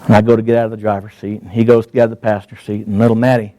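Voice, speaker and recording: A middle-aged man telling a personal story as a motivational speaker, earnest and heartfelt, slowing down with dramatic pauses. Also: lowish voice, little pitch movement, mellow, no echo.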